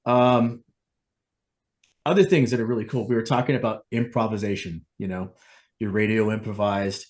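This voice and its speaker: A man's voice: on the low side, fairly even intonation, normal speed, a little mellow. A man hosting a podcast in casual chat, rambling into digressions and laughing at himself. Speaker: podcast host.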